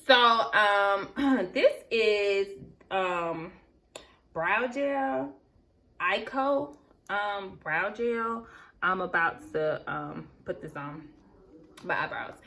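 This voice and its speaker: A woman's voice: medium pitch, animated, very slow, bright, forceful tone, a little hiss or hum. A young woman vlogging, telling a rambling personal story while she does her makeup, talking straight to her viewers. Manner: chatty, rambling, addresses viewers as girl and y'all.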